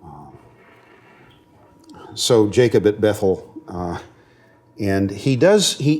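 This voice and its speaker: A male seminary professor delivers a classroom lecture in a mid-pitched voice. He speaks earnestly, pausing on fillers and restarting phrases, and keeps asking the class whether they follow. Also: darkish tone. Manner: checks understanding with the class often; earnest, grows emotional on moving points.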